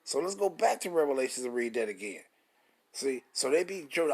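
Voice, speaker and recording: A man's voice: a little high, very animated, brisk, slightly rough. A man, preaching scripture in an emphatic, repetitive style, with rhetorical questions and swearing. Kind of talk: street-style scripture teaching.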